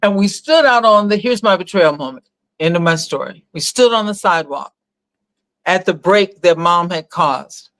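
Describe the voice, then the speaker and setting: In a lowish voice at normal speed, the host's mother tells a family story during a casual chat with him, animatedly performing the people she quotes. The recording is dry.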